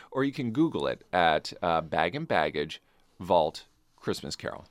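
A theater director talks as a guest in a radio studio, his voice very deep and close in a dry booth. He speaks with eager enthusiasm, full of ums and uhs, and pushes his energy up as he explains his plans. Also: a little slow, dry recording. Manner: enthusiastic, animated, lots of fillers. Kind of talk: radio interview. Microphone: studio microphone.

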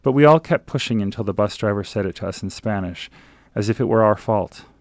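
A man reads an excerpt from his travel memoir as a radio guest. His voice sits very low with a gravelly edge, and he tells the story in an earnest, measured way. The sound is close and dry. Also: no room sound. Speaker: author guest. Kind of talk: reading his own travel memoir aloud.

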